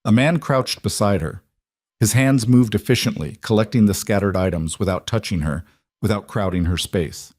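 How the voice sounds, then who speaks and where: A man reading a dramatic story as narrator in an even, measured way. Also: on the low side, no room sound, studio quality. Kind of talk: scripted narration.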